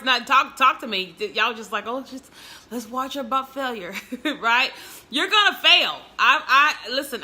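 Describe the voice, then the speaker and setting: A woman chatting casually to viewers from home on a livestream, expressive, with frequent laughs. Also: a little high. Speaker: entrepreneur livestreaming to followers.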